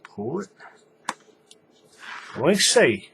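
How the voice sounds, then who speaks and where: A man's voice: a little high, sing-song, very slow, vocal fry, a bit bright, a little hiss or hum. A man giving a casual, folksy hands-on craft tutorial, talking while he works. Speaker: paracord tutorial maker.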